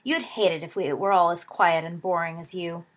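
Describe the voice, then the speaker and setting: A woman's voice: on the low side, normal speed, natural voice. A woman voicing a cocky teenage schoolboy who teases his friend. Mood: teasing.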